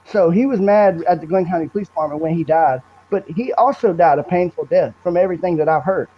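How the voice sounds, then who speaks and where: A man's voice: a little high, quick pace. A young man, a podcast guest, talking earnestly and bluntly in long rambling stories. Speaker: guest, brother of the subject. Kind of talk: emotional storytelling in a podcast interview. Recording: dull lo-fi recording.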